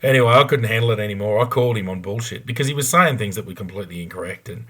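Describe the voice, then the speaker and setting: A former police investigator from Australia tells a case story on a podcast, speaking bluntly and frankly with lots of ums and restarts. His voice sits on the lower side, and he talks at a racing pace with a bright, forceful tone and a breathy edge.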